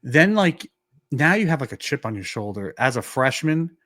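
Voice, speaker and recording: Animated New guy telling a story. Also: mid-range voice, normal speed, no echo, studio quality. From New York. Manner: animated, acts out quoted dialogue, many "like" fillers. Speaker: podcast co-host. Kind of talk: casual storytelling.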